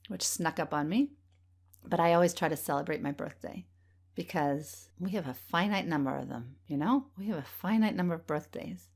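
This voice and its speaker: A middle-aged woman hosts her solo podcast in a slightly low voice. She talks earnestly and gently, encouraging her listeners, and at times sounds moved. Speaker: podcast host. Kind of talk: heartfelt solo podcast talk.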